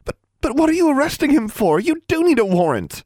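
A man voicing a frightened young girl who pleads in a high, urgent voice in an audiobook. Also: very animated, brisk, darkish tone, dry recording, studio quality. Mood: pleading.

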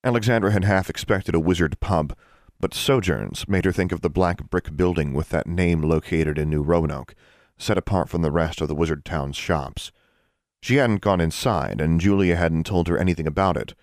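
Deep-voiced male audiobook narrator. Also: moderate pace, a little mellow, no room sound, clean studio sound. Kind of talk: scripted narration.

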